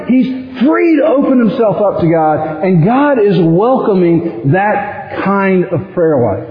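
A high-voiced man preaches a sermon with lively animation, now and then acting out anguished prayers. He is heard in a roomy church hall with a long reverb, and the sound is a little dull. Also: slow, hardly any pauses. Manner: animated, acts out quoted prayers with sudden rises in pitch. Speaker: pastor.

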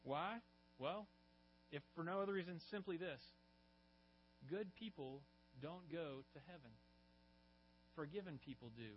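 A man delivers a sermon, his voice sitting a little higher than most men's. He tells stories earnestly and lifts his voice on the key lines. The recording is slightly muffled, with a faint electrical hum underneath. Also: a little slow, long pauses. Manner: earnest storytelling preacher, rising emphasis on key lines. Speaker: pastor.

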